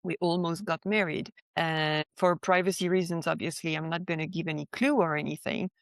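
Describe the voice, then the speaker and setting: A woman's voice: lowish voice, fairly even intonation, brisk, no room sound. A young woman from France, sharing a personal testimony as a podcast guest in a chatty way, peppered with "like" and "right?".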